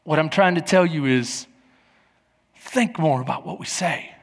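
A middle-aged man preaches from the pulpit with a fairly high voice. His words ring out in a hall with a long reverb. He tells lively stories and acts out each voice in them. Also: a little slow. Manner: animated storytelling, acting out voices. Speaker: pastor. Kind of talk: sermon.

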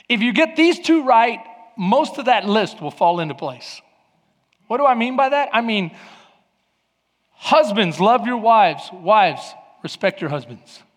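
Pastor guy preaching, pretty high voice, lots of long hall echo, does little voices for his stories. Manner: lively storytelling preacher, acting out quoted voices. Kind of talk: sermon.

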